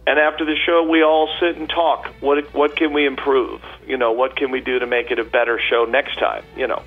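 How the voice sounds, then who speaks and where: A man's voice: mid-range voice, level tone, brisk, narrow, tinny audio, faint music behind. A man guest on a radio interview, a chatty storyteller with many fillers and restarts. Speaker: tribute performer guest.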